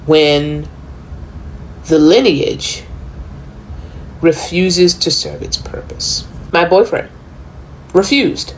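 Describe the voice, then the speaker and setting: A woman delivering a monologue to her audience, speaking deliberately with dramatic pauses and sometimes dropping nearly to a whisper. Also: low-pitched, darkish tone, a little hiss or hum, rough recording. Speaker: commentator.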